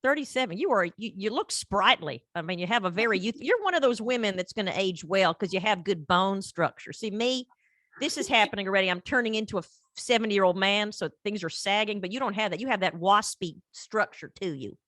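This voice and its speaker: Woman podcast host, blunt and jokey, bright sharp tone, dry close sound. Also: medium pitch, animated, fairly quick, no echo. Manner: blunt, joking, swears freely. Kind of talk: casual chat.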